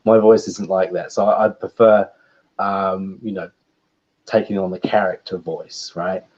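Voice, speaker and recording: Low-voiced man chatting on a call. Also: unhurried. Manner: relaxed, rambling, laughs often. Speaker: guest voice actor. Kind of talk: casual livestream chat. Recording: dull lo-fi stream audio.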